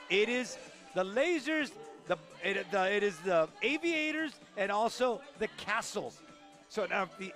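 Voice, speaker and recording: A high-pitched male commentator calls a tennis broadcast, delivering scores and playoff scenarios with punchy emphasis. Faint music plays underneath his voice. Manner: energetic, emphatic, with restarts. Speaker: play-by-play commentator.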